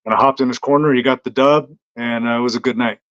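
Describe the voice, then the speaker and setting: A man's voice: mid-range voice, steady tone, fast, a bit bright. Man, interview guest, easygoing, hesitant with ums, casual storytelling, dull lo-fi recording. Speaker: bare knuckle fighter, guest. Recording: dull lo-fi sound.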